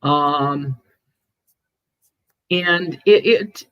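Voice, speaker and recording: An older woman hosting a casual chat, telling stories in a chatty, animated way with frequent restarts. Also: low-pitched, extremely slow, dry recording, muffled recording. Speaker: host, ghost medium.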